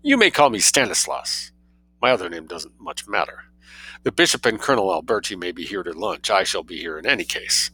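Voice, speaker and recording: A man voicing a suave, mischievous young man who spins outrageous tales with cool calm. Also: deep voice, a little fast, husky, exaggerated voice. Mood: sly, unruffled.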